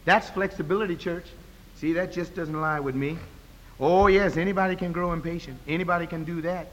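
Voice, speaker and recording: A man preaching a sermon as pastor, with call-and-response rhythm, moving from low talk to loud high cries. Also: fairly even intonation, fairly quick, dull audio. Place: church. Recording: long reverb of a church hall.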